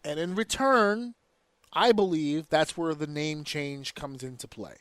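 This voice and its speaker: A man hosting a casual podcast, ranting in an animated, profane way. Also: fairly high pitch, a little slow, no room sound. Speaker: podcast host.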